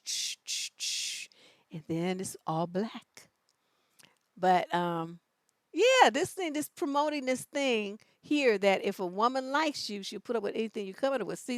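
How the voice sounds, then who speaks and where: A sassy, foul-mouthed woman hosting a live-stream commentary show. Her voice sits a bit high and sounds close and dry. She drags out words to hammer home her points. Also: no room sound. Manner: blunt, profane, sassy; animated, drawn-out emphasis. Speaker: relationship coach and show host.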